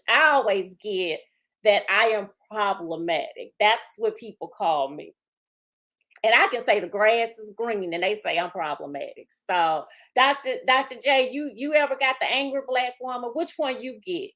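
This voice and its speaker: A woman hosting a live-stream talk show, reading viewer questions and chatting casually. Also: fairly high pitch. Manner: lively, reads viewer questions aloud.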